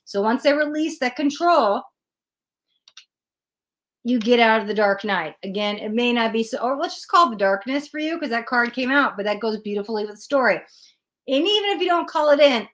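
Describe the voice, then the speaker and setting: A woman's voice: fairly high pitch, normal speed. A young woman hosting a live tarot stream, talking earnestly and with lots of feeling to her chat about letting go of control. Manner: earnest and animated, acts out her own panicked thoughts. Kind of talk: casual spiritual talk to a live chat.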